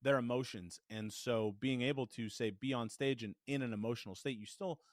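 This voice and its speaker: A man's voice: mid-range voice, fairly even intonation, fairly quick, dry recording. A man teaching voice technique in a podcast lesson, demonstrating shifts between chest voice and head voice into a good studio microphone. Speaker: voice coach.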